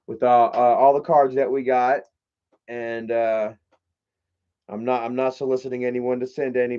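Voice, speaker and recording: A man's voice: medium pitch, darkish tone, lo-fi sound. A man in a casual live stream, rambling, joking and swearing as he opens fan mail. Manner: rambling, profane and jokey.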